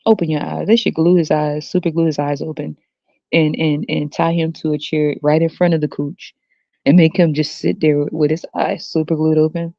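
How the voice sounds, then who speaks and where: A woman hosts a casual podcast rant, her gravelly voice full of blunt, crude jabs and frequent laughter. The recording is dull and lo-fi. The sound is dry, with no room around it. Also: low-pitched, flat delivery, normal speed, mellow, no echo. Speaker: podcast host. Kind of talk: ranting casual monologue.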